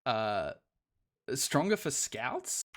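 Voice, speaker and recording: A man's voice: medium pitch, wildly swooping pitch, extremely slow. A man casting a live esports match play-by-play, laid-back and self-deprecating, laughing often.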